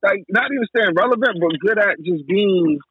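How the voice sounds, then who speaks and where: Male co-host, high pitch, thin phone-like sound. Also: fairly quick, breathy edge, no room sound. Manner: explains at length with many fillers and restarts. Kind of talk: casual chat.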